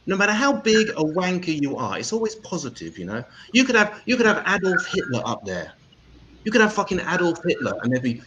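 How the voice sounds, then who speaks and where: Stand-up guy, crude and sweary, deadpan jokes, voice jumps all over the place. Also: high-pitched, fairly quick, highs cut off, background noise. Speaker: comedian and MC. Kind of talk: stand-up comedy.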